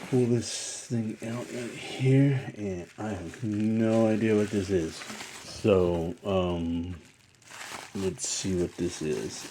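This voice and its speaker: A middle-aged man unboxing a gift on his collecting vlog, emotional and halting, full of fillers and restarts. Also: deep voice, noisy background. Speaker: toy collector YouTuber.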